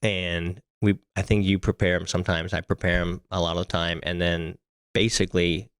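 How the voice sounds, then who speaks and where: Middle-aged guy with a lowish voice, blunt and sweary, lots of restarts, podcast co-host. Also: flat delivery, normal speed, clear, resonant tone. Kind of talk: casual podcast chat.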